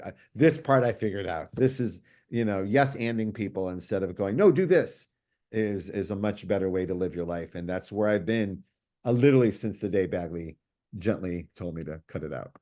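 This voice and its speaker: A middle-aged man, a comics writer guest, telling stories in casual chat, animated and quick with many restarts and fillers. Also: lowish voice. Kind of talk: casual storytelling.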